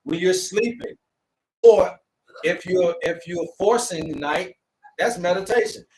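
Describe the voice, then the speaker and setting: High-voiced preachy man on a live stream. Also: darkish tone, far from the mic, poor audio. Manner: preachy and repetitive, drawing out words slowly for emphasis. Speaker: herbalist host of a live stream. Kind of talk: live-stream lecture to viewers.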